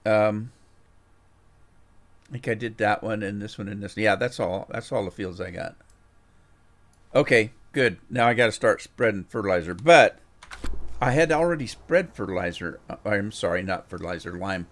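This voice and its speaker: A man's voice: lowish voice, moderate pace, pauses often, a bit bright. Rambling middle-aged man gaming host. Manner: rambling, repeats words while thinking. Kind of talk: casual chat while playing a game.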